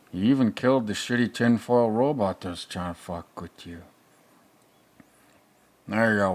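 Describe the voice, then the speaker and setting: A man playing a crude, rambling older male movie reviewer who mutters sarcastic asides in a comedic reaction commentary. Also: lowish voice.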